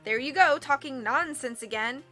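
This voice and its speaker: A woman voicing a vain, trend-obsessed rich lady who talks down to everyone in a high, bright, emphatic voice. She is haughty and dismissive and always sure she knows best, like a character in a read-aloud storybook. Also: normal speed, faint music behind. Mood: bossy. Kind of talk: audiobook character voice.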